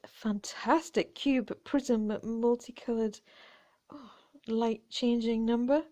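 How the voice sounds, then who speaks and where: A woman chatting gently as she shows her vintage jewellery finds. She talks quietly, often slipping into whispers, with playful asides. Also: a little high, fairly even intonation, drawn-out words, pauses often. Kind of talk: relaxed show-and-tell chat.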